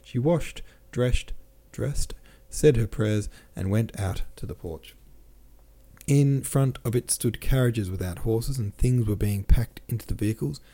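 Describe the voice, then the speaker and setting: A man narrating a classic novel as a podcast host, reading in a measured way with small self-corrections. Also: mid-range voice, mellow. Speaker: podcast host and audiobook reader.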